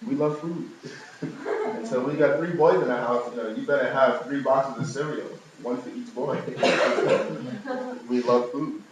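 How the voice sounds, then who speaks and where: A man's voice: unhurried, slight background noise. A young man from New York giving a personal testimony to a live audience, telling a family story with humorous asides. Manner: storytelling, humorous asides, animated rises in pitch. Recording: very echoey room, from far off.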